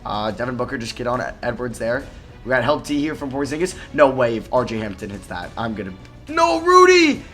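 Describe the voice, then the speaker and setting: A man talking through his basketball video game as he plays it, his voice sitting at an ordinary middle pitch. He lurches between sudden loud outbursts and quiet, grumbling mutters. Faint music plays underneath him. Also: quick pace. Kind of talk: live gameplay commentary.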